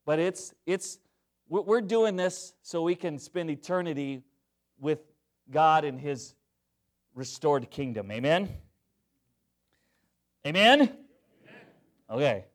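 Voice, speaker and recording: High-voiced man preaching slowly. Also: darkish tone. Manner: emphatic, call-and-response asides to the congregation. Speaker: pastor. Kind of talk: sermon.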